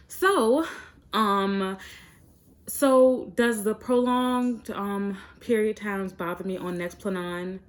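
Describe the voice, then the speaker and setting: A young woman talking frankly and chattily to her viewers in a casual vlog, with plenty of fillers. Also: mid-range voice. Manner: chatty and direct, many fillers. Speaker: vlogger. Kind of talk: frank casual chat to camera.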